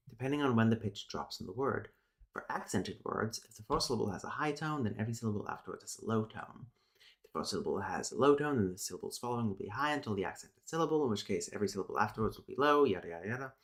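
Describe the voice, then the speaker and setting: A man's voice: lowish voice, animated, fast, fairly bright tone. Male streamer, casual lesson host, reads notes aloud, mutters asides. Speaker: streamer teaching linguistics.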